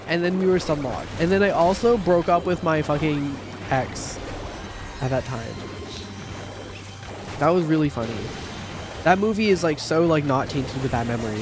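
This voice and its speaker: A man in his thirties chatting casually on a game livestream, rambling and swearing, with sudden loud outbursts. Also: a little high, background noise. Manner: profane, rambling, quick bursts of shouting. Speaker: streamer. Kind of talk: casual livestream chat while gaming.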